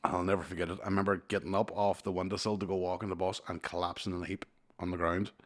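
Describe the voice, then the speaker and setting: A man's voice: low-pitched, quick pace. A man in his thirties, casually telling a long funny story on a podcast, swearing often and laughing as he goes. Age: 30s. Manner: animated, swears a lot, laughs mid-story. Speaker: podcast co-host.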